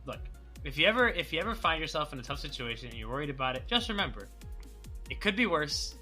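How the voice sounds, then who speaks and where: A man playing a tabletop game with friends, chatting quickly and jokingly. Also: a little high, sing-song, pushed and bright, soft background music. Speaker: player. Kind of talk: casual tabletop play.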